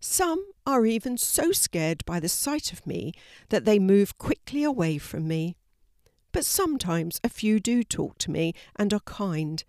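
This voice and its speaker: A woman reading the part of a well-spoken older male tramp who talks in a calm, matter-of-fact way. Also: mid-range voice, measured pace, no echo, clean studio sound. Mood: calm, polite.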